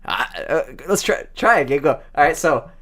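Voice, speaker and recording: A man's voice: fairly high pitch, big pitch swings, normal speed, bright, forceful tone. A young man co-hosting a casual podcast chat, stammering, restarting and laughing often, close to his microphone. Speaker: podcast co-host.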